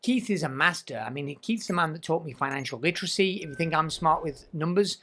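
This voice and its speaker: A man's voice: fairly high pitch, expressive, a little fast, bright, forceful tone. A man hosting a podcast in a studio, talking casually and eagerly, with lots of restarts and "like"s. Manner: enthusiastic, restarts words often, says "like" a lot. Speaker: podcast host.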